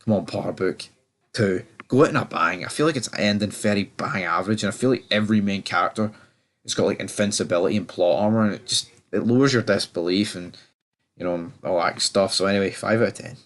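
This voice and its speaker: A man's voice: deep voice, fast, fairly bright tone. A man giving a casual, rambling review of a TV episode, often stammering and repeating words. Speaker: TV show reviewer.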